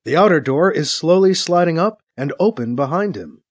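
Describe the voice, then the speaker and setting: A man narrating a science-fiction story with a dramatic, expressive reading. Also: fairly high pitch, normal speed. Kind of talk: audiobook narration.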